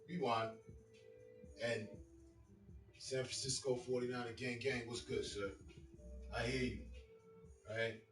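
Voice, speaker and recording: A man's voice: medium pitch, steady tone, takes it slowly, pauses often, a bit bright. A man giving casual reaction commentary on a clip, talking loosely and repeating phrases over and over to pick them apart. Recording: roomy, distant mic, music behind.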